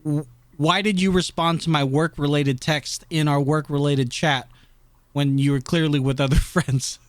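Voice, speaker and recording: Animated high-voiced man, dry close sound. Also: normal speed, no room sound. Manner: animated, jumps into high squeaky voices when mimicking people; laughs often, teasing questions. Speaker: podcast co-host. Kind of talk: casual chat.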